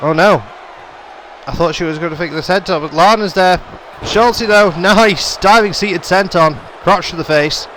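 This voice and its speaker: Young male gaming YouTuber, slightly high voice, play-by-play caller who gets loud on big moments, faint background hiss. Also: moderate pace, a faint crowd. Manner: running commentary, rising to excited shouts on big moves. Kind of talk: play-by-play game commentary.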